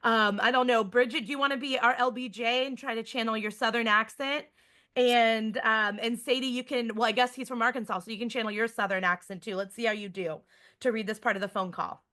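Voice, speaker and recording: A woman museum educator giving a lively online lesson to students, chatty and checking in with listeners often. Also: fairly high pitch, fairly quick.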